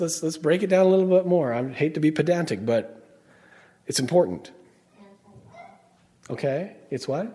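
A man's voice: on the high side, darkish tone. A middle-aged man preaching a sermon, emphatic, often asking the congregation questions and answering them. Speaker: pastor.

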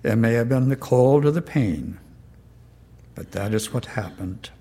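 Older man, slow earnest reading voice, mid pitch, measured. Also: lively intonation, warm tone. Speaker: storyteller. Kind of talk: reading a letter aloud, then personal anecdote.

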